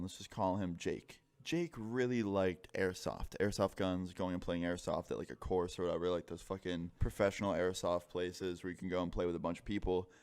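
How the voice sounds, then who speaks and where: Young guy with a low voice telling a storytime, cussing and saying "like" all the time, dry sound. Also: darkish tone, no echo. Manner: swears freely, full of "like" fillers. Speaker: YouTube storyteller. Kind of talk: casual storytime narration.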